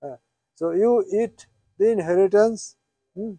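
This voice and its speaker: A male teacher gives a classroom lesson on Quranic Arabic grammar, going over each term again and again and checking in with short questioning tags. His voice is fairly high but mellow and warm. The recording is dry, with little room sound. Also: normal speed, no room sound. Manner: patient, repetitive explaining with questioning tags. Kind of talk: classroom lesson, mixing English and Bengali.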